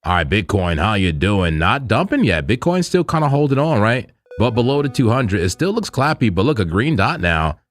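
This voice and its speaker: A crypto trading livestream host chats loosely with his viewers in slang, speaking at a moderate pace with hardly any pauses. His fairly low voice is very animated, and he repeats himself and laughs often.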